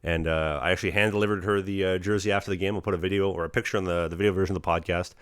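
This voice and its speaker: A young man talking quickly and earnestly on his own podcast, full of fillers and motivational asides. His voice sits low and the close microphone leaves it dry, with no room sound at all. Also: steady tone, clear, resonant tone, no room sound. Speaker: podcast host, hockey goalie. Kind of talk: casual podcast chat.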